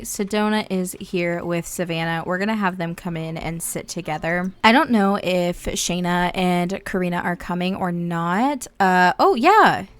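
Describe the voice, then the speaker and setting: Hosting her own channel, a woman from Indiana offers bubbly, excitable, casual commentary on a life-sim game. Her voice is lowish.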